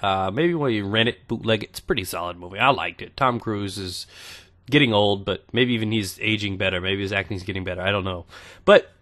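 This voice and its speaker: A man in his twenties telling crude, joking stories over gameplay commentary. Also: medium pitch. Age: 20s. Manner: crude joking, animated storytelling. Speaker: gaming YouTuber.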